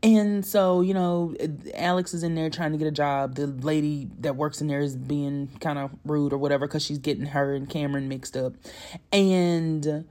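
A man's voice: a little high, steady tone, normal speed, mellow. A man giving a casual, chatty movie recap, laughing often and poking fun at himself. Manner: chatty, laughing, self-mocking, slangy. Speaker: movie reviewer.

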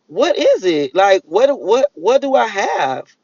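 High-voiced man musing aloud. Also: sing-song, takes it slowly, darkish tone, dry recording. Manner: musing, repeats "like" often, restarts sentences. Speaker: vlogger. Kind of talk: rambling solo monologue. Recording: dull lo-fi dry recording.

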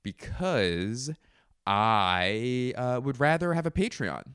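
A man's voice: medium pitch, lively intonation, slow pace, fairly bright tone, clear, resonant tone, dry recording, studio quality. A man guest hosting a comedy podcast, riffing goofily in an improvised monologue and laughing at his own jokes. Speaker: guest host.

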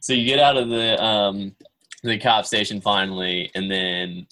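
A man hosts a casual chat, asking easygoing follow-up questions and reacting with short remarks. His voice is somewhat low. He speaks in a relaxed way. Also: measured pace, low-quality recording. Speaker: host.

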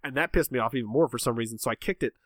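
A man's voice: mid-range voice, rapid-fire, fairly bright tone, dry recording. A man chatting casually, rambling and self-mocking as he tells a story about himself. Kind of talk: casual chat, telling a story.

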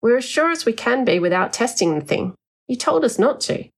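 A woman reading the lines of a young man, a calm and patient friend, in a steady, reassuring way. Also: fairly high pitch, brisk, breathy edge, voice pushed up, full character voice. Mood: matter-of-fact.

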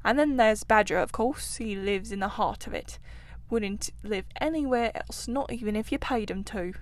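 A woman's voice: medium pitch, moderate pace, close to an everyday voice. A woman voicing a self-assured male water rat who loves his river, talking in a confident, chatty and somewhat guarded way. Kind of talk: storybook reading.

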